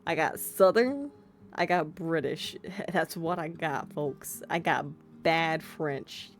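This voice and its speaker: A woman's voice: sits low, steady tone, takes it slowly, faint music behind. A woman streamer playing a story game, reading the text aloud and chatting in a casual, self-deprecating, giggly way. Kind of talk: casual let's-play commentary and narration.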